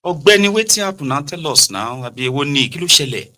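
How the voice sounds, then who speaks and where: A middle-aged man with a Nigerian Yoruba accent, hosting a political commentary monologue in an animated way, slipping into Pidgin and Yoruba and acting out quoted exchanges. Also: on the high side, fast talker. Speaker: commentary show host.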